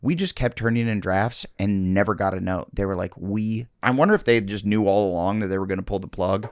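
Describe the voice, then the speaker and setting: A comedian guest on a podcast, telling loose stories in casual chat and swearing freely. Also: male voice, on the low side, fairly even intonation, a little fast, no echo, clean studio sound. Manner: loose, swearing storyteller with quoted voices.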